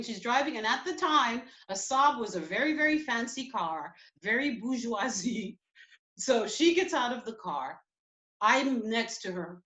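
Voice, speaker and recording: A woman telling a personal story at a community event, emotional and halting. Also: a little high, fairly bright tone, roomy sound, muffled recording.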